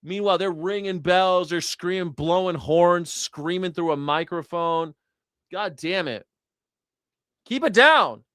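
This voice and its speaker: A man hosts a live news reaction show, his voice sitting a touch higher than most men's. He rants loudly and profanely and acts out bells and shouting to make his points. The recording is dry and close, with no room sound. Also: measured pace, clear, resonant tone, dry recording. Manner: loud, sweary, mimics bells and shouting.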